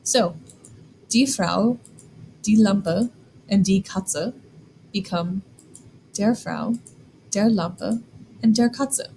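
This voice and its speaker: Clear, deliberate woman teaching German. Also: mid-range voice, dark tone, a little hiss or hum, rough recording. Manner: clear, deliberate, spells out examples slowly. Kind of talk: scripted classroom explanation.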